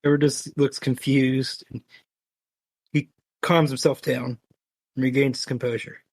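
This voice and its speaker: A man playing a tabletop role-playing game, describing his character's actions in short, low-key lines. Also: level tone, a little slow, a little mellow, breathy edge, dry recording. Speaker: player.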